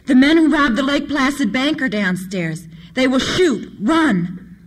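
A woman voicing a trapped young boy who shouts an urgent warning. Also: high-pitched, expressive, measured pace, voice pushed up.

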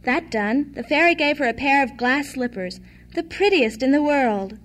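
A storyteller with a high-sitting voice reads a classic fairy tale aloud. Her narration is even, measured, and steadily paced.

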